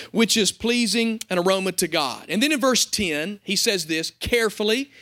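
A man's voice: sits high, bright, forceful tone. A young adult man pastor preaching a sermon to his congregation, conversational and joking.

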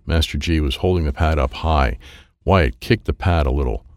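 A man narrating a children's story in an expressive, playful read with sound effects. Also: a bass voice, moderate pace, no echo, clean studio sound. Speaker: audiobook narrator.

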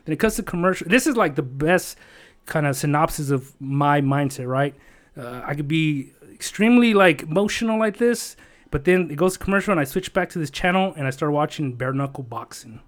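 A man's voice: on the high side, lively intonation, fairly quick. Rambling, swearing man telling a story. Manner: rambling, profane, emotional storytelling with many fillers. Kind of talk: casual chat.

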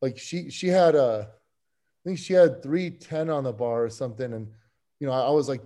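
A man as a podcast guest, telling a story in an animated, excitable way with many restarts. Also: medium pitch, moderate pace. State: getting emotional. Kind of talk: casual chat.

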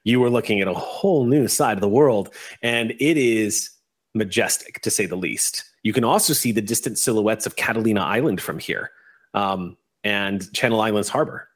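A man running a tabletop game as game master, narrating scenes with animated, laughing energy. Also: on the low side, moderate pace. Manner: animated, laughing, swears freely.

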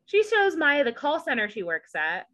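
Casual woman podcast co-host, sarcastic and joking, lively pitch. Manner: sarcastic, joking, quick asides. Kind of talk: casual recap chat.

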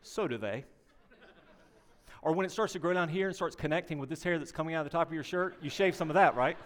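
An older man preaching a sermon, animated and conversational, telling anecdotes and addressing the congregation directly. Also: a little high, very fast. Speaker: pastor.

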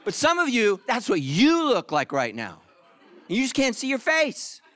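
A man preaching a sermon as pastor, animated and joking, acting out the congregation in mock voices. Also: very high-pitched, measured pace.

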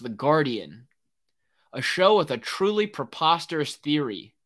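Young male podcast host, slightly high voice with lots of swing, excitable ranter who swears freely. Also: a little slow. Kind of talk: solo rambling podcast monologue.

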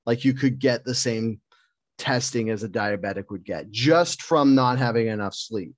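Male co-host, mid-pitched, loose and profane, relaxed banter, dry close recording. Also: moderate pace, dry recording. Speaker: podcast co-host. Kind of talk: casual chat.

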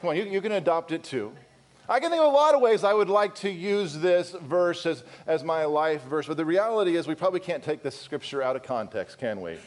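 High-voiced male pastor preaching emphatically. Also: lively intonation, a little fast. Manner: emphatic, full of rhetorical questions; candid, conversational asides to the congregation. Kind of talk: sermon.

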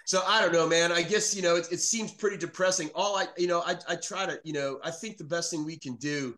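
A man from New York City talks in casual podcast chat, blunt and animated, dropping swear words as he goes. His voice sits a little high and comes across bright and forceful. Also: fairly quick. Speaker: podcast guest.

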